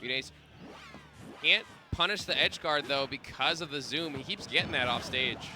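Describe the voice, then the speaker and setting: A man giving live play-by-play commentary on a fighting game tournament, quick and excitable, often laughing. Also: medium pitch, background noise. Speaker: esports commentator. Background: game music.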